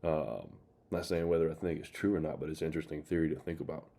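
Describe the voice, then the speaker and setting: A man's voice: a bass voice, steady tone, fast talker, gravelly, mellow. A man hosting his channel, rambling in casual commentary with many fillers. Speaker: channel host reacting to clips.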